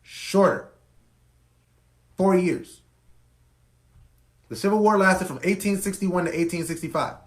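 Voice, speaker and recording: A man's voice: sits high, a little slow, pauses often, reverberant, low-quality recording. A man hosting a podcast, delivering an impassioned commentary monologue with emphatic repetition. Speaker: podcast host.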